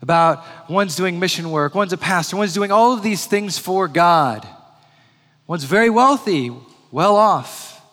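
A male preacher tells a story in a fairly high voice, pausing to repeat key phrases slowly. He is heard in a church sanctuary with a long reverb behind every word. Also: lively intonation, a bit bright. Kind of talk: sermon storytelling.

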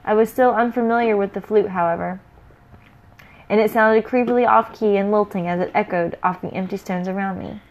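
A woman reading a first-person fantasy adventure story aloud in a lively, playful way. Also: medium pitch, fairly quick, highs cut off.

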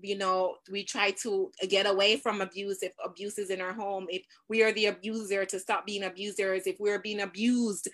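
A middle-aged woman hosting a live discussion, animated and laughing often as she talks to parents and viewers. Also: medium pitch, moderate pace, hardly any pauses. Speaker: host.

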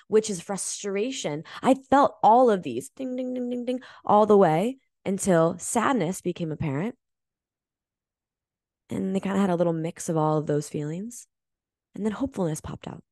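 A woman hosting a motivational energy-healing podcast, speaking earnestly and emphatically, swearing casually and slowing down to stress key words. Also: medium pitch, darkish tone, dry recording, studio quality. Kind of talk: motivational coaching monologue.

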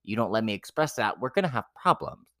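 A young man co-hosting a podcast, telling his dating stories in a blunt, profane, animated way. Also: lowish voice, fast talker, no room sound, clean studio sound. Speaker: podcast co-host. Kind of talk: casual chat.

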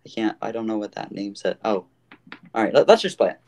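A man's voice: lowish voice, animated, brisk, creaky, darkish tone. A man hosting a casual podcast, rambling with many fillers. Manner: rambling, full of fillers and restarts. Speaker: podcast host.

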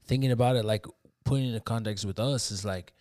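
A man's voice: on the low side, quick pace, a little mellow, a little hiss or hum. A man hosting a podcast, chatting casually, slangy and sweary as he reacts to his guest.

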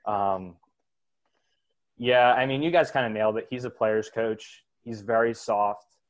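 A man with a lowish voice talks sports in a loose, rambling way. He is blunt and opinionated, and drifts between points with plenty of fillers. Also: unhurried, lo-fi sound. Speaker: sports podcast host. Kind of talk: casual sports talk.

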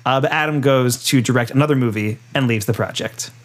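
A man co-hosting a casual podcast, retelling a film's scenes in a relaxed way with lots of fillers and laughter. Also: medium pitch, a little fast. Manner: laid-back, many fillers, laughs while retelling scenes. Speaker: podcast co-host. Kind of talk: casual chat recapping a film.

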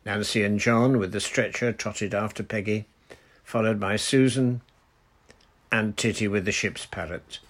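A man reading a children's adventure story aloud in a measured storytelling manner. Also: on the low side. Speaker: audiobook narrator. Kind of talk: storybook narration.

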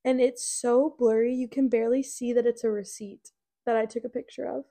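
A woman's voice: fairly high pitch, steady tone, brisk, mellow. A young woman in her twenties co-hosting a podcast, telling stories in a chatty way with lots of fillers. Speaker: podcast co-host. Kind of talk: casual chat.

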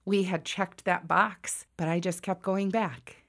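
A woman in her forties from the United States telling a personal story to an audience, loud and self-mocking, with quick asides. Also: fairly low pitch, steady tone.

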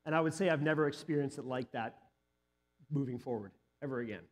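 A man's voice: medium pitch, fast. A male pastor in his thirties or forties giving a sermon, telling a personal story earnestly and building to emphatic peaks.

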